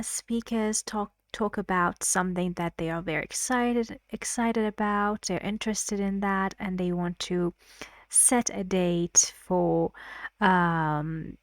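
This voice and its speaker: Slow, careful woman teacher. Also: mid-range voice, dry recording, studio quality. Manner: slow, careful explaining, acts out stressed words in example sentences. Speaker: English teacher. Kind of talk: recorded lesson explanation.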